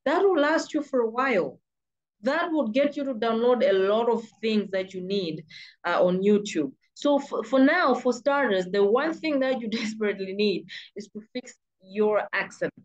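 A freelancing coach from Malawi with a British-sounding accent delivers emphatic, insistent motivational advice in a vlog, repeating words for stress. Her voice is on the high side with lively intonation and a moderate pace, and the audio sounds dull.

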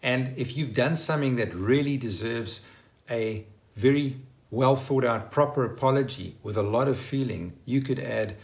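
A man's voice: mid-range voice, normal speed. A man hosting his own channel and teaching English vocabulary in an upbeat, emphatic way, acting out example phrases. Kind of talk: scripted vocabulary lesson.

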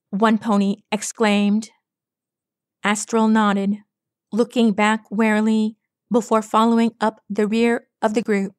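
In clean studio sound with no room echo, a woman with a mid-range voice reads an audiobook chapter of fan fiction. Her scripted narration is steady and measured, in a storytelling manner.

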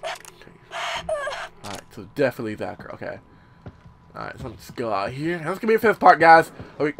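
A young man casually commentating a horror game, rambling with many fillers, swearing, and sometimes yelling. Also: medium pitch, very animated, fast talker, noisy background. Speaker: gameplay commentator. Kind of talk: casual let's-play commentary.

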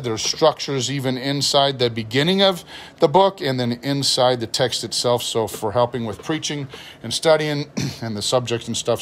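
A man of ordinary pitch, a pastor, giving a relaxed show-and-tell of a study Bible and reading its notes aloud. Faint background noise sits under his voice. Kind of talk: Bible unboxing review.

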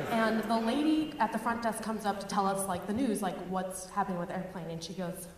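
A woman's voice: mid-range voice, normal speed. A young woman performing a rambling, self-aware stand-up comedy set on a live stage. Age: young adult. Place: live stage before a laughing audience. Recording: echoey hall, far mic, crowd laughter, noise.

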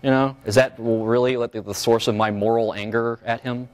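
Animated man giving a casual philosophy lecture. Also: medium pitch, moderate pace. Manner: animated, joking, lots of fillers and restarts, checks in with "right?". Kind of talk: university seminar lecture. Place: lecture room at a seminar.

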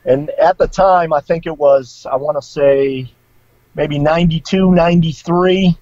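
Speaking unhurriedly in a slightly mellow voice on the high side, a middle-aged man who used to be a priest shares his own story. The casual interview feels informal and emotional. The lo-fi recording sounds dull and has no room echo.

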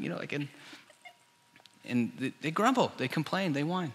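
Bright-voiced man preaching in a reverberant church. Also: fairly high pitch, normal speed. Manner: animated storytelling, acting out quoted voices. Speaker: pastor. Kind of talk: sermon. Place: church hall.

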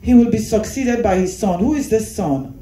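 A woman's voice: mid-range voice, lively intonation, normal speed, warm tone, reverberant, poor audio. A woman leading a Sunday school class, explaining a Bible passage, repeating phrases and asking the class questions. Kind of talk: Bible teaching.

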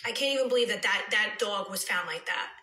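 New woman in her thirties, phone live stream, bright tone, echoey room. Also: medium pitch, fast talker, a little hiss or hum. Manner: chatty, swings into soft whispers and heated rants. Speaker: reality TV personality on a live stream. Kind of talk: casual live-stream chat reading comments.

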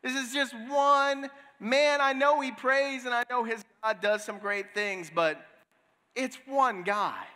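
A man's voice: very high voice, bright, forceful tone, voice pushed up, full character voice. A preacher acting as a boastful warrior king. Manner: boastful, emphatic, drawn-out phrasing. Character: proud angry ancient male warrior king. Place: church sanctuary. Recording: long hall reverb.

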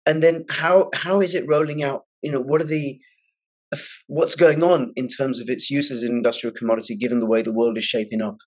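A man hosting an interview, his voice slightly husky. He asks short, prompting questions and keeps the guest talking. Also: mid-range voice, fairly even intonation, fairly quick, darkish tone. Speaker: host.

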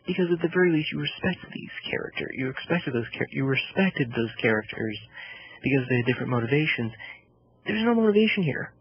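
A man co-hosting a casual film review podcast rants animatedly about a movie, mimicking voices as he goes. His medium-pitched voice has a breathy edge, and the podcast audio sounds dull and lo-fi.

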